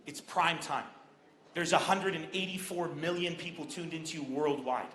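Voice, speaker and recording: Un homme imitant une reporter britannique guindée. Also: male voice, on the high side, fairly even intonation, moderate pace, fairly bright tone, slight background noise, voice pushed down, natural voice. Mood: stern formal. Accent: British. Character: prim British TV news reporter woman, stiff and formal. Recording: echoey open-air stage.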